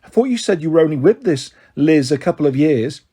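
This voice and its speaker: A man's voice: on the high side, lively intonation, fairly quick, mellow, breathy edge. A man playing a smug new girlfriend. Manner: condescending, needling. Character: smug, possessive young stepmother. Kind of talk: audiobook character voice.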